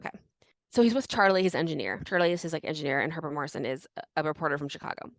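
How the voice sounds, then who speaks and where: A young woman co-hosting a casual history podcast, animated and full of fillers. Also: low voice, very fast, dry recording. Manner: animated, many fillers and restarts. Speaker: podcast co-host.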